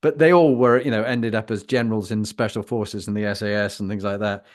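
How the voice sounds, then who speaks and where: A man from Britain hosting a conversational interview, telling stories in an animated way with long wind-ups before his question. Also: on the low side, a little fast. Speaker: host.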